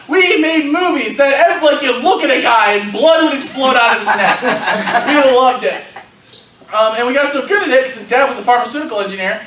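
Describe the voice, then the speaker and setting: High-voiced man doing stand-up. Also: fairly bright tone. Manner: rambling, laughing storyteller. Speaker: stand-up comedian. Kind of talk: stand-up comedy set. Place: convention panel room with audience. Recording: echoey hall, distant mic, noisy.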